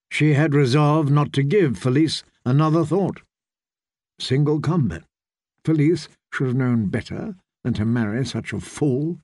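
A man reading an audiobook as narrator, in a measured, even delivery. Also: on the high side, dry recording, studio quality. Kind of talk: scripted narration.

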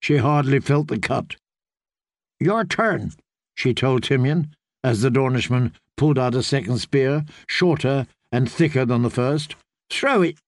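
A man narrating an audiobook in a measured, deliberate storytelling manner. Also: medium pitch, fairly even intonation, a little mellow, no echo, studio quality.

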